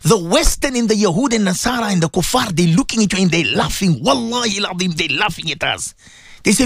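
A man's voice: high voice, expressive, fast talker, gravelly, a bit bright, no room sound, clean studio sound. A man giving an impassioned radio sermon, full of repeated rhetorical questions. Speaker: radio preacher.

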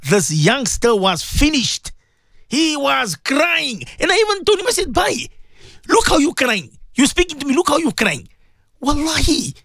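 A man's voice: extremely high pitch, fairly bright tone, dry recording, clean studio sound. A man hosting a radio talk show as a Muslim cleric, telling a story with emotion and religious phrases.

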